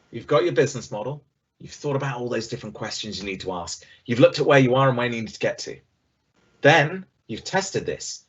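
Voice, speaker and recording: A middle-aged man giving an online business presentation over a video call, conversational and lively, acting out the voices he quotes. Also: mid-range voice, husky, dull audio.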